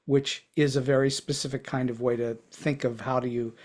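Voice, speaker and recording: A man's voice: mid-range voice, little pitch movement, normal speed, darkish tone. A man hosting an interview podcast, asking curious, thoughtful questions. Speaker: podcast host.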